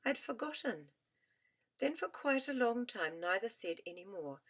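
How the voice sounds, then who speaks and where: A woman reading a children's story aloud as an audiobook narrator, gentle and expressive. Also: mid-range voice, moderate pace.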